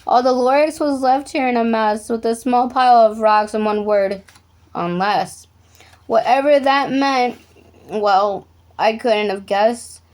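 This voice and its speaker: A woman reading a rhyming picture book aloud with an even, rhythmic delivery. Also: fairly high pitch, unhurried. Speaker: storyteller.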